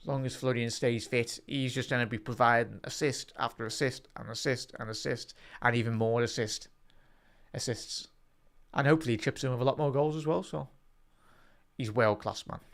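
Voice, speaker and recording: A young man hosting a live football watch-along, chatting to his viewers and breaking into excited commentary. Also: medium pitch, normal speed. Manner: excitable, bursts into loud rising commentary during attacks; chatty, addresses the live chat by name.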